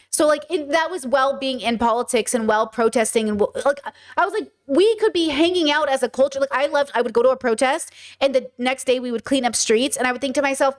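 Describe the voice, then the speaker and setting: Woman from the US, high voice, animated and rambling, casual co-host. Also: fairly quick. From United States. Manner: animated, rambling, expressive, swearing. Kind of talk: casual discussion.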